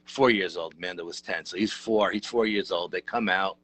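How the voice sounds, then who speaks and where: A middle-aged man, telling a story as an interview guest in a lively, casual, rough-edged way. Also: sits low, fairly quick. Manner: animated, conversational, rough-edged. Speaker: interview guest, paranormal researcher.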